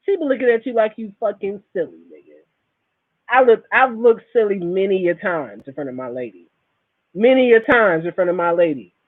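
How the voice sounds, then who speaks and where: A man in his thirties delivers a loose, swearing monologue, repeating his points for emphasis. His voice sits high for a man and swings widely in pitch. The sound is thin and tinny, as if heard over a phone. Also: moderate pace. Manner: animated, repetitive, profane storytelling. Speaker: podcast host. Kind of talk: casual monologue.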